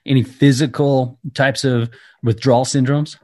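A man hosting an interview, asking gentle, probing follow-up questions in a relaxed, conversational way. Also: medium pitch, moderate pace, no echo, clean studio sound. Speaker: interview host.

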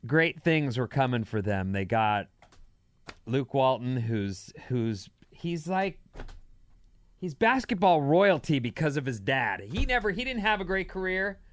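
A man's voice: medium pitch, very animated, a little slow. A man hosting a casual radio talk show, wry and blunt. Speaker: radio host. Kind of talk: casual chat.

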